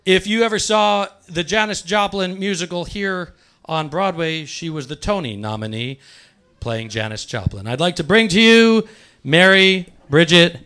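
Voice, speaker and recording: Man, host, high pitch, bright tone, halting stage introduction. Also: expressive, clean tone. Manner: halting, restarts phrases. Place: club stage.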